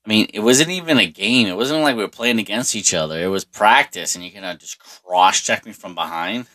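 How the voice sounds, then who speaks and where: A deep-voiced middle-aged man. His tone is bright and forceful. He tells a story from his past in a loose, profane ramble, full of fillers and restarts. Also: a little fast. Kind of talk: casual storytelling monologue.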